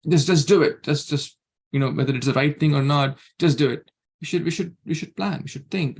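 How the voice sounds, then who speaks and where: A man's voice: fairly high pitch, vocal fry, darkish tone, breathy edge. A man leading an online scripture class. He speaks earnestly, keeps repeating his key words and chuckles now and then. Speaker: class leader.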